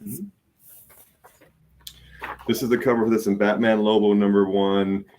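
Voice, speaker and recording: A man dealing in comic art, giving a relaxed, easygoing sales pitch. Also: measured pace.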